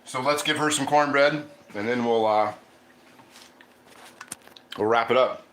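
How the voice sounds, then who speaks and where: A man's voice: medium pitch, unhurried, a bit bright, roomy sound, slight background noise, rough recording. A man hosting a casual cooking livestream from his home kitchen, chatting loosely and reading viewer comments aloud. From Ohio. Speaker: cooking channel host.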